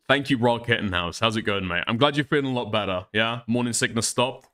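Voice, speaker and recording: A man's voice: medium pitch, a little fast, bright, forceful tone. A man streaming live, reacting to a clip with profane, exasperated commentary and laughing asides.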